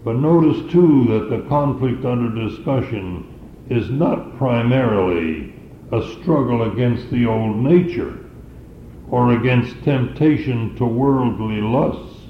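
A man preaching a sermon in a measured, emphatic way, repeating key phrases for weight. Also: medium pitch. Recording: roomy, dull lo-fi sound with faint noise.

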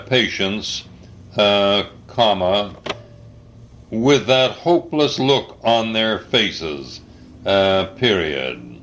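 Slow older man dictating, spelling words. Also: lowish voice, a bit bright, a little hiss or hum. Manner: halting, spells out words, many uhs. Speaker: dictating a written article. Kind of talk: slow dictation with spoken punctuation.

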